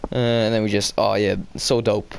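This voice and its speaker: A man casually recapping a show episode. He hesitates a lot, fills pauses with "uh" and "um", corrects himself, and gets excitable as he retells the scenes. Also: on the low side, gravelly, clear, resonant tone. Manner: hesitant, heavy fillers and self-corrections.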